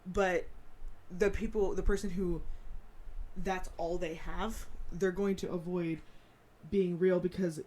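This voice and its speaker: A woman co-hosting a friendship podcast with a fairly low voice. She talks in a chatty, reflective way, working through ideas out loud. She often breaks into laughter. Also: fairly even intonation, slow pace, pauses often. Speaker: podcast co-host; teacher. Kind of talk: casual podcast chat.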